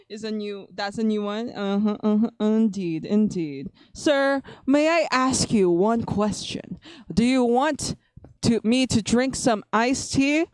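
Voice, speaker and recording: A woman's voice: fairly high pitch, slow pace, darkish tone, smooth, dry recording, clean studio sound. A woman chatting casually on a live stream, rambling and restarting her sentences.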